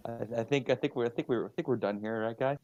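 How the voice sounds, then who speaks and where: A man's voice: medium pitch, quick pace, a little mellow, highs cut off. A man playing a tabletop game in a playful, jokey way. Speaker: player.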